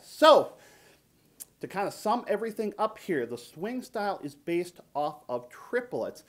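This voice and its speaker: A man's voice: fairly high pitch, a little mellow. A man teaching a jazz practice tip, explaining rhythm and scatting and counting beats aloud. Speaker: trombone teacher. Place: music shop.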